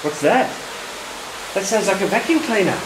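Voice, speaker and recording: A man's voice: high voice, lively intonation, normal speed. A father filming his toddler at home and coaxing him along in a sing-song baby-talk voice. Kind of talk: home video chat with a toddler. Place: family home, indoors. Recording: echoey room with loud vacuum hum.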